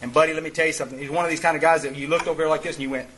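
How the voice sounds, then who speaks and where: A man's voice: fairly high pitch, fairly even intonation, racing, a bit bright, poor audio. A man speaking at a twelve-step meeting, telling a story in an earthy, rambling way with many restarts. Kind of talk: folksy storytelling talk.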